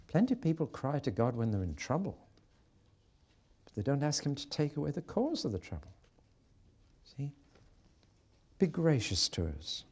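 A man's voice: mid-range voice, big pitch swings, moderate pace, pauses often, breathy edge. A man preaching a sermon, reading scripture aloud with strong feeling.

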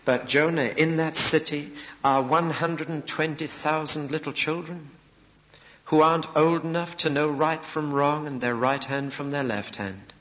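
A man preacher voicing a gentle, loving male deity who patiently corrects a prophet, in an echoey hall with dull lo-fi sound. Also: fairly high pitch, steady tone, unhurried. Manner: patient, earnest pleading.

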